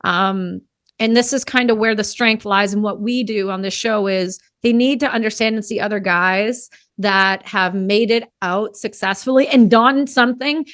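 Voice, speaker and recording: A woman's voice: medium pitch, normal speed, fairly bright tone, no room sound, studio quality. A woman hosting a podcast interview, who talks bluntly and emphatically and swears casually. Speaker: podcast host.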